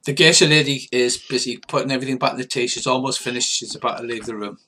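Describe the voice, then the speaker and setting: A man's voice: mid-range voice, fast talker, bright, forceful tone, slight background noise. An older man from England narrating as game master of a tabletop game, in loose, rambling narration with restarts and sound effects.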